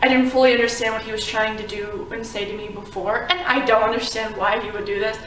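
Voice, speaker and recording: Talking quickly in a steady, fairly high, fairly bright voice, a Florida vlogger tells a personal story to camera. She rambles casually, saying "like" and "um" often. There's slight background noise, and the far-off mic makes it sound roomy.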